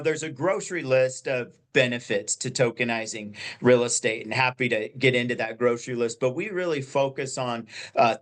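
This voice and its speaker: A man's voice: medium pitch, a bit bright. A man in his forties, a company founder, explaining earnestly in a podcast interview with frequent fillers and restarts. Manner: earnest, many fillers and repeated words. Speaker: guest, real estate company founder.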